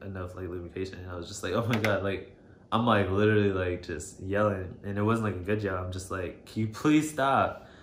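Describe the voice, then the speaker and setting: A man telling a personal story to camera, shaken and emotional, halting and hesitant with many fillers. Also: low-pitched, fairly bright tone. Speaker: vlogger. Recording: roomy echo, faint background noise.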